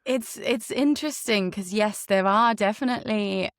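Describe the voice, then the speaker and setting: A woman voice actor, a native German speaker with a hybrid international accent, chatting lively as a podcast guest. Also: medium pitch, moderate pace, no room sound, studio quality. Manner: lively, chatty, heavy use of "like".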